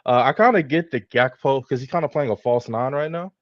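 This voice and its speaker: A man calling into a football show, talking in a rambling, hedging, relaxed way. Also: medium pitch, brisk. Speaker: caller. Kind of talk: casual football call-in. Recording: dull lo-fi call line.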